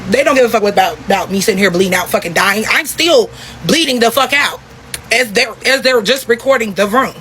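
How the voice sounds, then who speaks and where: A young woman telling a story in a casual vlog, talking in a profane, animated, repetitive way. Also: on the high side, brisk, slight background noise, rough recording.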